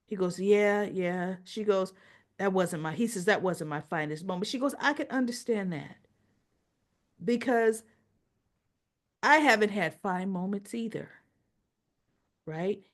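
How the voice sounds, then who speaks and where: A woman's voice: mid-range voice, unhurried, pauses often. A woman hosting a casual soap opera recap, retelling scenes and acting out the characters' lines. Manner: animated storyteller, acts out quoted dialogue.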